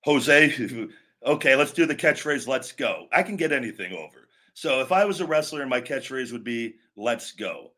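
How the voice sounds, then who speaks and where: A podcast host and former pro wrestler talks wrestling in an opinionated, casual way, blunt and emphatic. His voice is mid-range, and he acts out catchphrases with shouts and drawn-out words.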